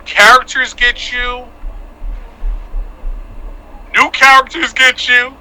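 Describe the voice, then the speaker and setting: A man's voice: very high-pitched, flat delivery, slow pace, bright, forceful tone, rough recording. A man who is a guest on a casual podcast, talking emphatically, laughing, and repeating himself for stress.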